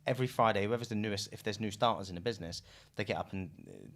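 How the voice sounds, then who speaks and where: Fast-talking British man, low voice. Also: a bit bright. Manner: fast, loose, swears casually, laughs often. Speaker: recruitment business founder, podcast guest. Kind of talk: casual business podcast chat.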